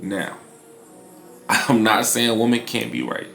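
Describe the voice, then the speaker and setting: A man's voice: mid-range voice, fairly even intonation, slow, vocal fry, a bit bright, roomy sound, faint music behind. A man in his twenties talking casually in a vlog about his clothing brand, laid-back and slangy with lots of fillers. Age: 20s. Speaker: vlogger building a clothing brand.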